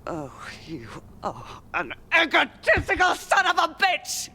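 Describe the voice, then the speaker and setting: An actress playing a frightened, angry police detective, dropping low then flaring into shouts. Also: female voice, very animated, normal speed. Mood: furious. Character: shaken police detective woman, frightened and furious. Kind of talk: TV drama acting.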